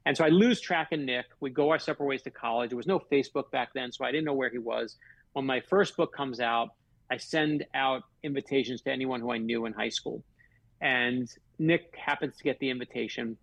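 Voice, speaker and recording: A middle-aged man from Florida tells heartfelt stories as a guest on a radio show. His voice is gravelly and husky, and he leans hard on the big lines. The sound is close and dry. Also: medium pitch, fairly quick, no room sound. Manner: heartfelt, emphatic, builds stories to a punch. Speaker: author guest. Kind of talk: earnest storytelling in a radio interview.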